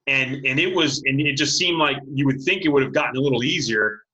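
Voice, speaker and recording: A man in his late forties, a high school football coach, telling stories as an interview guest and acting out what people said. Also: brisk, highs cut off. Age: late 40s. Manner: animated storyteller, acts out quotes, laughs often. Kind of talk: casual interview storytelling.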